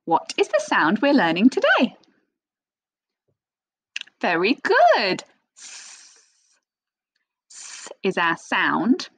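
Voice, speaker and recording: Lively slow-paced woman teaching phonics. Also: medium pitch, slightly rough, no room sound, rough recording. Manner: slow, expressive sing-song teacher voice with gasps of excitement. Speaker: primary school teacher. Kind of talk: phonics lesson for young children.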